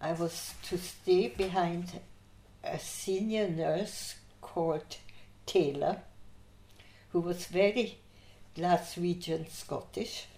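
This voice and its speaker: An older woman recounting her memories in an interview, telling lively anecdotes and laughing through her stories. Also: lowish voice, takes it slowly. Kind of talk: oral history storytelling. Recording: echoey room.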